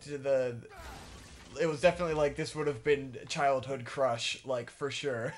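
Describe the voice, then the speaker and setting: Mid-pitched man co-host, rambling and self-deprecating, casual and profane. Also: steady tone, moderate pace, a little hiss or hum. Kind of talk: casual chat during a game playthrough.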